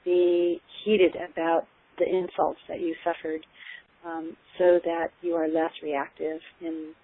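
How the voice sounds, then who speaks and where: A woman giving earnest, explanatory parenting advice in casual conversation, often pausing with ums and restarting her sentences. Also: sits low, flat delivery. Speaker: parenting expert guest. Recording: tinny phone-like line.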